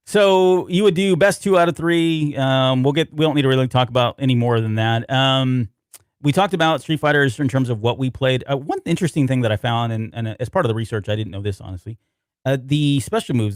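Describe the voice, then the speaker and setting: A man's voice: medium pitch, dry recording. Man chatting casually, dry close sound. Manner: loose, rambling, reads notes aloud. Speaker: podcast co-host. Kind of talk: casual podcast chat.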